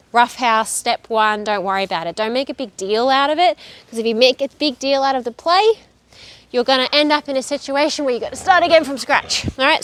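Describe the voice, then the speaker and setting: A woman dog trainer, out of breath, coaching viewers in a direct, brisk way with frequent check-ins. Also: high-pitched, no room sound. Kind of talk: instructional video.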